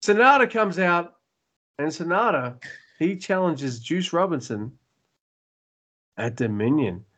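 A man co-hosting a casual wrestling podcast, excitable and a bit tipsy, who swears freely and laughs often. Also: on the high side, slow pace, pauses often. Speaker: podcast co-host.

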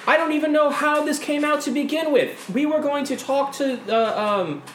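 A woman's voice: low voice, expressive, normal speed, pitched above the performer's own voice. A game master voicing a distressed young noblewoman who pleads and stammers in her own defense. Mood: pleading. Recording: roomy, background noise.

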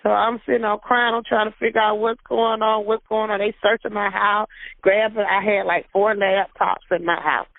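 A woman's voice: medium pitch, level tone, normal speed, vocal fry. A woman recounting a personal ordeal in an interview, emotional, repeating herself and acting out the dialogue. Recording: tinny phone-like sound, dry.

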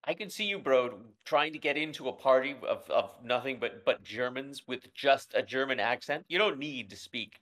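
A man co-hosting a podcast, chatting casually and telling animated stories with quick impressions. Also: medium pitch. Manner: animated storytelling with voiced impressions. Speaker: podcast co-host. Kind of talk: casual chat.

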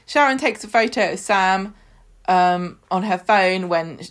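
A woman's voice: medium pitch, lively intonation, measured pace. A woman, co-hosting a casual podcast and recapping a soap in a chatty, jokey way. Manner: chatty, jokey, full of fillers and acted quotes. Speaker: podcast co-host.

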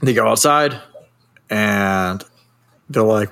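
A man's voice: medium pitch, animated, normal speed, a bit bright. A man in casual chat, recapping a movie in a rambling, profane way and laughing often. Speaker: podcast co-host.

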